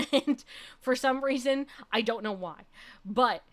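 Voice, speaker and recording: Young woman streamer, slightly high voice, chatty storyteller who keeps laughing and asks "okay?". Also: slow. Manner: animated, laughs often, says "okay?" a lot. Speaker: VTuber streamer. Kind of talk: casual storytelling.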